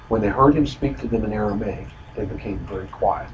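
A man's voice: on the low side, fairly even intonation, fast, few pauses, a little hiss or hum, low-quality recording. Conversational man teaching a Bible study. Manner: conversational, often stops to explain; self-correcting with frequent fillers.

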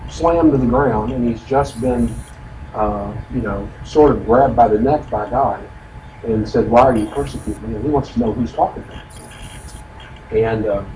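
A man leads a relaxed Bible study, explaining the text in a folksy, chatty way full of asides. He sounds distant from the mic, in an echoey room with steady noise behind him. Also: mid-range voice. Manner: explanatory, folksy, frequent "you know" asides. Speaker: Bible teacher. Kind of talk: conversational Bible study teaching.

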